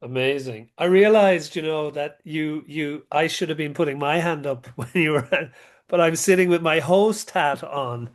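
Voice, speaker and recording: A man hosting an interview in a relaxed, chatty way. His voice sits a little higher than most men's, and he laughs easily between remarks. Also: unhurried. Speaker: host. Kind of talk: casual interview chat.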